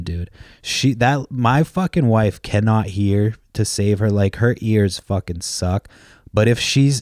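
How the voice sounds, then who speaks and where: A man's voice: fairly low pitch, darkish tone, no echo, clean studio sound. A man in his thirties hosting a podcast, rambling casually with lots of cursing and laughing at his own stories. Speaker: podcast host.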